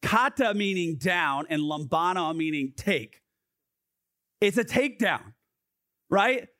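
A man in his thirties preaching as a youth pastor, casual and lively with lots of fillers, going soft and quiet when he reads scripture. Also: sits high, takes it slowly, no echo, studio quality. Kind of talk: sermon. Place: youth gathering.

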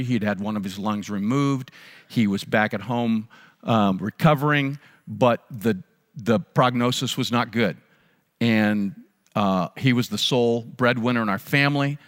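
A pastor preaches a sermon in a church sanctuary, earnestly telling a personal story, repeating phrases for emphasis and restarting often. His mid-range voice is fairly bright and moves at a moderate pace. The large hall gives the recording a long reverb.

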